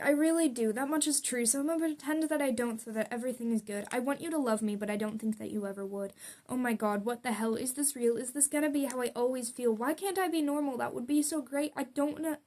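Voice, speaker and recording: A woman's voice: a little high, fast talker, a little mellow. A young adult woman reading her own poems aloud in an earnest, confessional way. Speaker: poet.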